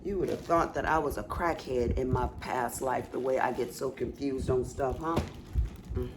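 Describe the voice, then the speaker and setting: A woman's voice: extremely low pitch, moderate pace, background noise. A woman with a cough, chatting to viewers as she shows off a craft haul, exclaiming often. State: has a cough. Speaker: craft vlogger showing a haul. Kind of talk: casual chat.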